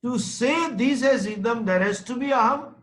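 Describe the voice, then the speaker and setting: A man's voice: very high voice, moderate pace, a bit bright, rough recording. A man giving a spiritual teacher's scripture class, patiently explaining with homely examples in short, repeated phrases.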